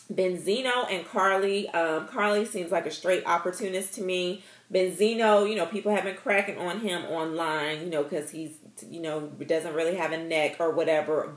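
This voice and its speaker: Sassy, animated woman. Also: mid-range voice, reverberant. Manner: animated, sassy, playful asides. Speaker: vlogger. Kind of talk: casual reality TV commentary.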